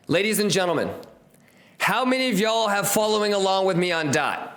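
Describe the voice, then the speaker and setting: A man's voice: high voice, animated, normal speed, a bit bright. A man hosting a live trading stream, hyped and slangy, repeating catchphrases and talking straight to his viewers.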